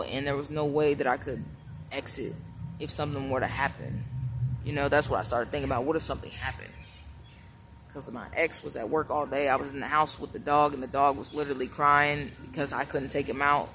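A man with a somewhat high-pitched voice tells a personal story straight to camera. His delivery is casual and blunt, full of swearing, restarts and repeated phrases. A clear, constant background noise runs under the recording. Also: a bit bright. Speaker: vlogger.

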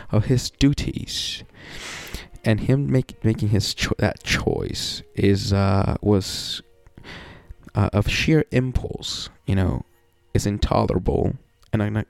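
A man's voice: on the low side, vocal fry, a little mellow, no room sound. A man in a casual personal monologue, rambling and reflective, leaning on "you know" and swearing often, with wry sighs and laughs between thoughts.

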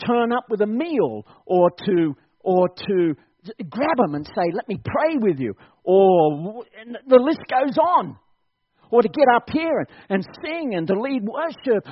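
A man preaching to his church congregation in a high, lively voice that swoops up and down as he urges them on and laughs along. The sermon recording sounds dull and lo-fi. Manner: animated, exhorting, laughs often. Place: church service.

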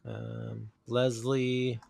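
A man's voice: medium pitch, little pitch movement, very slow, gravelly, a little mellow, dry recording, studio quality. A man hosting a casual movie podcast, steering the talk and making sarcastic quips. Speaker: podcast host.

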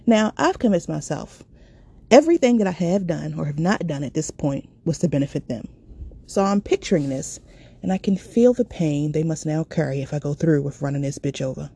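Brief: woman storyteller, low husky voice with a gravelly edge, candid and profane. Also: expressive, brisk, dark tone. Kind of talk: personal storytelling.

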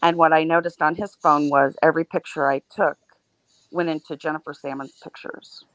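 A woman podcast co-host recounting a personal experience in a candid, animated way, laughing now and then between grim details. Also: deep voice, moderate pace, no room sound.

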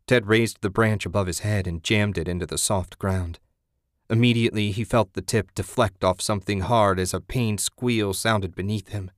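Low-voiced man narrating horror. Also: no echo, studio quality.

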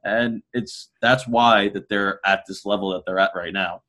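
A man's voice: on the low side, steady tone, unhurried, bright, forceful tone. A man co-hosting a sports podcast, talking earnestly with a slightly sarcastic edge. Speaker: podcast co-host. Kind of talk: casual sports podcast talk.

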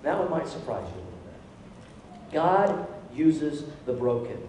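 A male pastor preaching a sermon in a church, animated, calling out to the congregation for responses. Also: on the high side, unhurried, slight background noise. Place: church sanctuary. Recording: echoey hall from far off.

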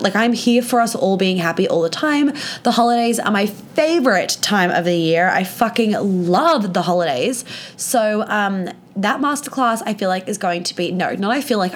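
Woman podcast host, hoarse with laryngitis, recording from bed, chatty, swears a lot, gushes. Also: mid-range voice. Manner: chatty, swears freely, gushing. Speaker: podcast host and women's life coach. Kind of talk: casual podcast monologue. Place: in bed at home.

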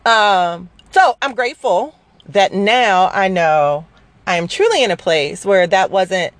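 A woman's voice: medium pitch, animated, takes it slowly, dry recording. A woman in her forties telling a personal story in a casual, profane, rambling way, full of fillers. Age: 40s.

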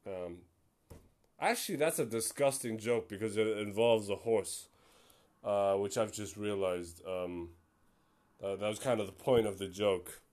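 A man's voice: fairly low pitch, unhurried, darkish tone. A young man hosting a casual solo podcast, rambling and self-deprecating with many fillers. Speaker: podcast host.

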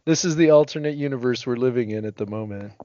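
A man of middling pitch co-hosting a podcast, talking loosely and hedging as he goes. The sound is very dry and somewhat muffled. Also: fast talker, warm tone, no room sound. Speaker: podcast co-host. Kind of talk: casual chat.

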